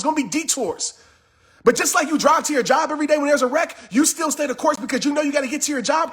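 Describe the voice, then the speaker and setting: A man delivers a fired-up motivational talk, his voice strikingly high and the words rushing out fast. He yells with intense, repetitive urgency, hammering the same phrases again and again. He has just come from a workout. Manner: yelling, intense and repetitive, preachy. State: just finished working out. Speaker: motivational speaker.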